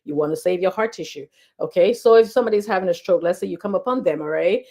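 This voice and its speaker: Chatty fast-talking woman giving health tips. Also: fairly low pitch, lively intonation, mellow. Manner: chatty, repeats key points, many fillers; talks fast. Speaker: health educator. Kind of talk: casual health talk to camera.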